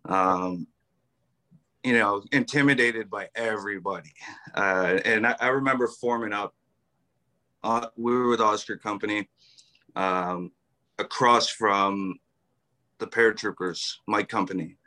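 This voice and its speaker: Male podcast guest, low-pitched, bright tone, chatty storyteller, loose and laughing. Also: a little slow, pauses often. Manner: rambling, many fillers and restarts, laughs often. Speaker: podcast guest, army veteran. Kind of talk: casual storytelling interview.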